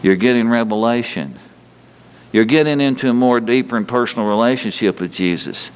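A middle-aged man preaches a sermon in a folksy style, firing question after question at his listeners and chuckling often. His mid-range voice is brisk, with slight background noise and a long hall reverb on the recording.

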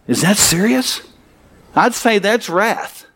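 A man's voice: high-pitched, takes it slowly, fairly bright tone. A male pastor preaching a sermon and closing in prayer, fervent and emphatic, repeating phrases and asking rhetorical questions.

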